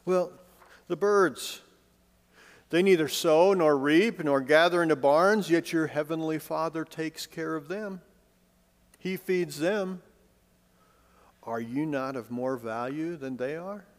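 A man preaching a sermon with a fairly high voice that carries a long reverb, as if he is in a large hall. He is conversational and drops in light, joking asides. He swings between emphatic lines and hushed, soft-spoken ones. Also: takes it slowly, long pauses. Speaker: pastor.

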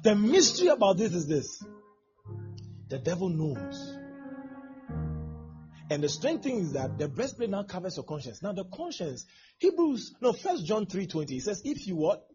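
A man's voice: high-pitched, sing-song, normal speed, long pauses, warm tone, faint music behind. A male pastor preaching a sermon, acting out scenes with exclamations and laughter. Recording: dull lo-fi sound with faint background noise.

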